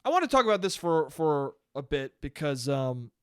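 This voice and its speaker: Here a young man with a high-leaning, fairly bright, smooth voice runs his own podcast at a moderate pace, very animated. The studio-quality audio has no echo, and his casual monologue is full of rambling, profanity, self-interruptions, and frequent laughs.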